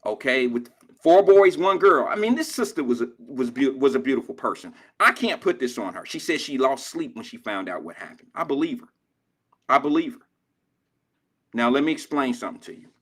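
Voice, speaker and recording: A man's voice: medium pitch, sing-song, brisk, fairly bright tone. An older man hosting a drive-time radio show, telling stories in casual, profane street slang. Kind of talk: casual talk radio monologue.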